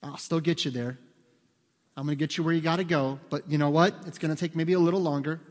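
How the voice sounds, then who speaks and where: A preacher voicing a calm navigation voice. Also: male voice, on the high side, fast, lightly acted. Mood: reassuring. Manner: soft, reassuring, gentle. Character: calm, patient male navigation voice. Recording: long reverb of a large hall.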